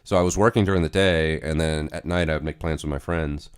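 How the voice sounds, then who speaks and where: A man's voice: very deep voice, fairly even intonation, fairly quick, clean tone. A man hosting a casual livestream, chatting in a rambling, profane way. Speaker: livestream host.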